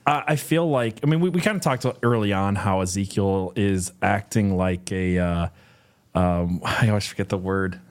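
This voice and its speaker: A man with a somewhat low voice talks casually as a co-host. He thinks out loud in a rambling way and often restarts his sentences. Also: moderate pace. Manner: thoughtful, rambling, with many fillers and restarts. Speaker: co-host of Bible study. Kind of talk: casual conversational commentary.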